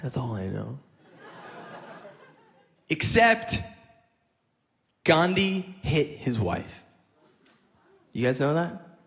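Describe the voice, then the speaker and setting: A man's voice: mid-range voice, very animated, drawn-out words, vocal fry, pauses often, a bit bright, in a large hall. A man performing stand-up comedy, telling stories in a conversational way and acting out both sides of the dialogue. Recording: live audience laughing.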